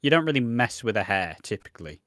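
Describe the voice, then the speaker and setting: A man co-hosts a casual podcast in a mid-pitched voice, recorded dry and close. He talks bluntly, swears freely and pads his explanations with fillers. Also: big pitch swings, fast talker, fairly bright tone, no echo. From Britain. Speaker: podcast co-host. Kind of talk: casual chat.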